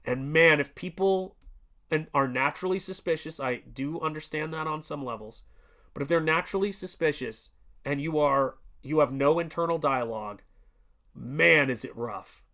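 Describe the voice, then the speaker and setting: Here the artist livestream host, a man in his forties, speaks in a mid-range voice with a fairly bright tone. The stream is casual, and he rambles earnestly, using many fillers and restarting his sentences.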